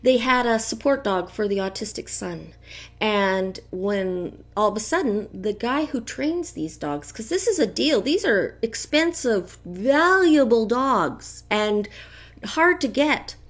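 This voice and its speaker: A middle-aged woman with a slightly higher voice talks through a tarot reading in a casual, gossipy way. She drifts into animated asides and opinionated commentary as she goes. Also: takes it slowly. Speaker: tarot reader.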